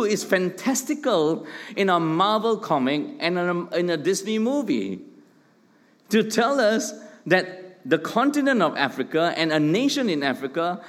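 A middle-aged man preaches a sermon, pressing his points and tossing in joking asides. His voice sits a little high and swings widely. The sound carries a long reverb from a large church hall. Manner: emphatic preaching with rhetorical questions and joking asides. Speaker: pastor.

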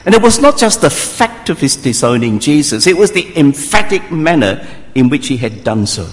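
A man's voice: on the high side, big pitch swings, moderate pace. A man preaching a sermon, telling the story vividly and acting out the voices of the people in it. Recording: long hall reverb.

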